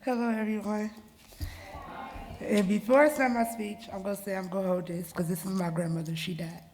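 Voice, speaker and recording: A woman's voice: mid-range voice, fairly even intonation, fairly quick, a little mellow. A woman in her twenties giving a personal speech at an event, casual and direct. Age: 20s. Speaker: speaker sharing her story. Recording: reverberant hall.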